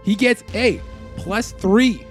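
Easygoing male player, slightly high voice, chatting about dice rolls. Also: takes it slowly, faint music behind.

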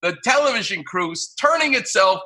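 A middle-aged man from New York, a surgeon guest on a podcast, telling lively anecdotes and acting out the people in them. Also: high voice, moderate pace. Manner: animated anecdote-telling, acts out quoted voices. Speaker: guest, orthopedic surgeon and radio host. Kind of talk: podcast interview storytelling.

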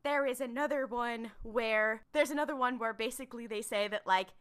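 A woman chatting casually as a podcast panelist, animated and profane, rambling with lots of fillers. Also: a little high, normal speed, smooth. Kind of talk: casual fan discussion.

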